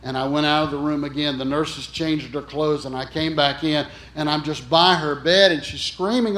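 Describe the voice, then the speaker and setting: Male preacher, higher voice, earnest and emphatic storytelling sermon, roomy echo. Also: fairly even intonation, moderate pace, hardly any pauses, a bit bright. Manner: earnest, emphatic, addresses the congregation directly. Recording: echoey room.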